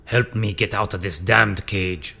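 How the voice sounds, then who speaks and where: A deep, gruff brutish prisoner who speaks with defiance, as a man puts him on. His voice is low and his delivery slow. It is an audio tabletop adventure. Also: pushed and bright, full character voice. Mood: urgent.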